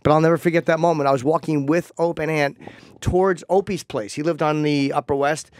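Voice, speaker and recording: A man's voice: fairly high pitch, steady tone, fairly quick, a little mellow. A man hosting a radio talk show, telling a candid and profane story in casual chat.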